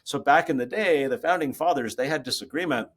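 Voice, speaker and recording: A man's voice: mid-range voice, a little fast. Man explaining ideas on a video call. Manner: explanatory, animated storyteller. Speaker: guest author. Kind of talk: podcast interview over video call. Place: home office. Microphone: laptop video call.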